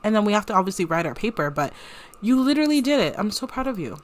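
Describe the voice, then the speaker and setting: A woman's voice: medium pitch, big pitch swings, fast talker. A young woman giving casual, giggly commentary as she plays and tells a story through a life-sim game. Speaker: game streamer. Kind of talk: casual let's-play commentary.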